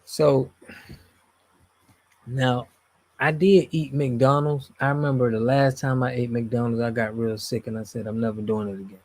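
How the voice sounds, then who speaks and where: Here a streamer chats casually and reads out viewer comments, his phrases trailing away as he goes. His voice is medium-pitched and darkish, with a steady tone and a measured pace.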